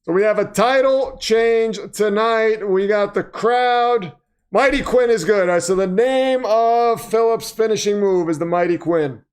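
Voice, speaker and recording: High, smooth-voiced male livestream host. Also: a little slow. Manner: flustered, self-deprecating, breaks into excited shouts. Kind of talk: casual livestream commentary.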